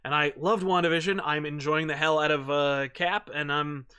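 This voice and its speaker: A man from the United States co-hosting a comic review show, chatting excitedly, rambling with restarts and casual swearing. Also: on the high side, moderate pace, smooth. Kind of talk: casual chat.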